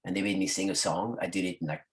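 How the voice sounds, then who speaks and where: Low-voiced man. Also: fast. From France. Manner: animated, acts out quoted voices. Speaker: guest, rock singer. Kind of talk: casual storytelling in an interview.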